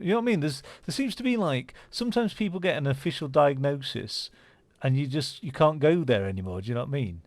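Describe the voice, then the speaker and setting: A man's voice: fairly high pitch, animated, fast, dry recording. A man giving casual, rambling commentary while playing a game, with lots of fillers and restarts. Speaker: gaming channel host. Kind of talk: casual let's-play commentary.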